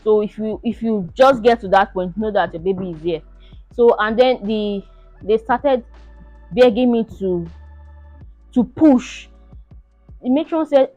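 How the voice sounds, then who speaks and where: A young woman telling her own story to the camera in an animated, casual way, laughing often and acting out the shouts and pleas. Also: fairly high pitch, measured pace, pauses often, no echo, muffled recording, soft background music. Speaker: vlogger sharing her birth story.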